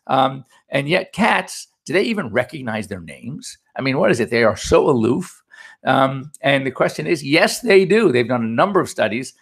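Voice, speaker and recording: A man's voice: mid-range voice, big pitch swings, moderate pace, breathy edge. A middle-aged man hosting a pet radio show as a veterinarian, talking in a chatty, anecdotal, upbeat way. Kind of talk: casual chat.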